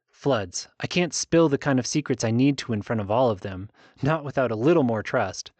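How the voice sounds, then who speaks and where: A male audiobook narrator reads first-person fantasy prose in a steady, even storytelling manner. His voice sits at a middle pitch. It is recorded close and dry, with no room sound. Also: normal speed, dry recording.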